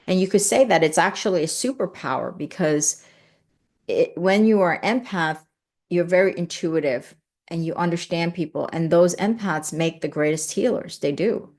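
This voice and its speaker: Woman, live-stream host, lowish voice, earnest, emotive, casual chat. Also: normal speed, a little mellow. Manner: earnest and emotive, repeats phrases.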